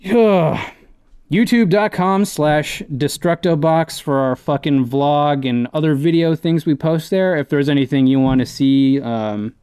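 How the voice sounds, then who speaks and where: A man's voice: on the high side, a little mellow, clear, resonant tone, no room sound, studio quality. A man co-hosting a casual podcast, rambling loosely and cursing freely as he reads out mail and plugs. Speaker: podcast co-host. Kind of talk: casual swearing podcast chat.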